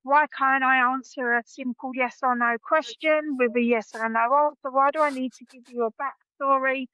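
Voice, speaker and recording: A high-voiced woman speaks hesitantly, trailing off and restarting as she talks. Her audio comes through slightly muffled and lo-fi, dry with no room sound. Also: fairly even intonation, moderate pace, bright, forceful tone, no echo. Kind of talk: casual conversation.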